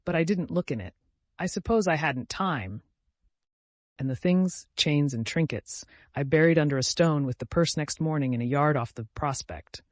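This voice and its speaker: A man's voice: on the high side, normal speed, no echo, lightly acted. A man voicing a tormented young man confessing a murder, speaking in an anguished, pleading way.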